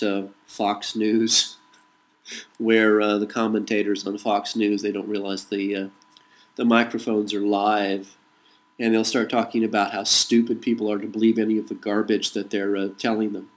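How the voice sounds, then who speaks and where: A man's voice: fairly low pitch, rough recording. A man from the United States delivering a rhetorical political monologue, repeating a refrain between points. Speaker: political commentator. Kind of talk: monologue to camera.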